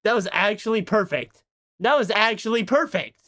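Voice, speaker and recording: A man's voice: sits high, animated, normal speed, sharp tone. A man livestreaming in casual chat, talking to his viewers in a self-mocking way from his home setup into a desk microphone. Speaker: streamer.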